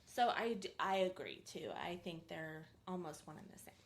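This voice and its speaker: Woman chiming in agreeably, mid voice, echoey room w faint hiss. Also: lowish voice. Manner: agreeable, chimes in with short affirmations and quick laughs. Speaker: podcast co-host. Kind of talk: casual chat.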